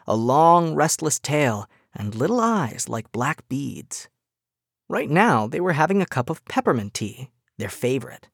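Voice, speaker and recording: A woman narrating a children's bedtime story in a gentle, expressive way. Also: deep voice, creaky, husky, dry recording, studio quality.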